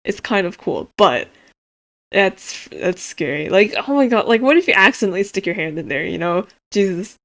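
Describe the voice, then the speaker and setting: A woman giving casual, excitable game commentary as she plays, swearing and laughing often. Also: medium pitch, moderate pace. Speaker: streamer.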